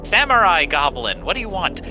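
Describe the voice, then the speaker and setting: A man's voice: fairly high pitch, big pitch swings, normal speed, voice pushed up. A man doing a haughty dwarf god. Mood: irritated. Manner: curt, condescending. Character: haughty male god of dwarves, dismissive. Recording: dull lo-fi stream audio. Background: background music.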